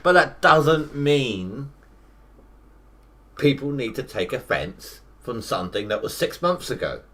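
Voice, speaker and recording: A man's voice: mid-range voice, big pitch swings, takes it slowly, sharp tone. A man in his thirties, rambling through casual live gameplay commentary with self-mocking asides. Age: 30s. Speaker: gaming livestreamer.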